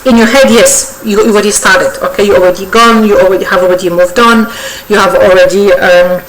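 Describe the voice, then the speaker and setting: A woman's voice: medium pitch, fairly even intonation, brisk, over a noisy crowd, low-quality recording. Effusive woman giving a tarot reading. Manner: effusive, coaxing, full of "okay?" check-ins and repetitions. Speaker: tarot reader. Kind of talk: weekly tarot reading addressed to viewers. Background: faint birdsong.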